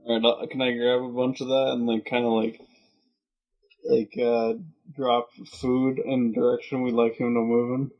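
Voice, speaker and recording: Flat-voiced player on a dull mic. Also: male voice, medium pitch, moderate pace. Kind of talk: tabletop game chat.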